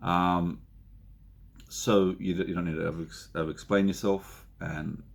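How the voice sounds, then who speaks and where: Male counsellor, very low gravelly voice, relaxed filler-heavy delivery. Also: a little hiss or hum. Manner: unhurried, many fillers and restarts, acts out example speakers. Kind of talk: self-help talk to camera.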